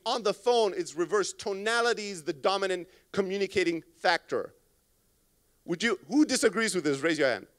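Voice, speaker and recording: A man giving an energetic, profane talk on a conference stage into a microphone, acting out reactions to phone calls. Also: sits high. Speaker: conference speaker.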